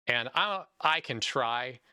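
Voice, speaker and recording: Young male podcast host, bright forceful voice, dry close sound, animated run-on talker. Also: mid-range voice, takes it slowly, clear, resonant tone, no room sound. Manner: animated, talks in long run-on stretches. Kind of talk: casual podcast chat.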